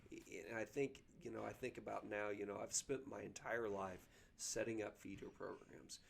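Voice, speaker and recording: Coach guy, middle-aged, low gravelly voice, stops and restarts a lot, earnest. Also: steady tone. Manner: earnest, halting, with frequent ums and restarts. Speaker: high school basketball coach, guest. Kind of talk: casual podcast conversation.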